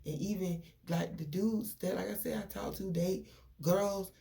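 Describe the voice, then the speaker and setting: A young woman, venting to her viewers in a casual, animated story full of quoted dialogue. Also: medium pitch, unhurried, gravelly. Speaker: vlogger.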